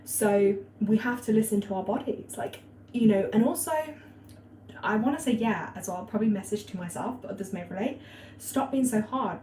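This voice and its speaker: A woman's voice: medium pitch, warm tone. A young woman hosting a casual livestream, rambling and chatty with lots of fillers, reading out viewer comments. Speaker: astrology and spirituality livestream host. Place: warm indoor room at home. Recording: echoey room with faint ambient noise.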